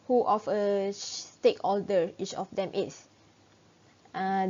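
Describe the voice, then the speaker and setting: A young woman, a student reading a class presentation in a steady, read-aloud way with small restarts. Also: mid-range voice. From Malaysia. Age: young adult. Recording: dull lo-fi recording.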